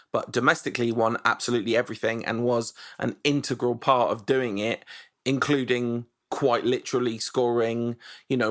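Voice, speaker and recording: A man co-hosting a football podcast, talking in an animated, rambling way and often correcting himself. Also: mid-range voice. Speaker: podcast co-host. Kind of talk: casual football chat.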